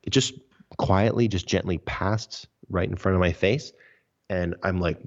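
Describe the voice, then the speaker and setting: A man's voice: low-pitched, fairly even intonation, a little slow. A man, a podcast guest, recounting his story earnestly and emphatically in a casual interview. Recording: dull lo-fi audio.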